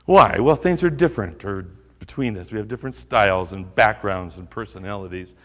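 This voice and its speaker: A man's voice: on the low side, brisk, long reverb tail. A male pastor preaching a sermon, earnest and urging, repeating phrases for emphasis.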